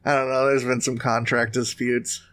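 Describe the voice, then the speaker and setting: A man's voice: medium pitch, level tone, moderate pace, a bit bright. A man co-hosting a podcast, chatting casually and joking, laughing often and restarting his sentences. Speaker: podcast co-host. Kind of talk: casual comedic chat.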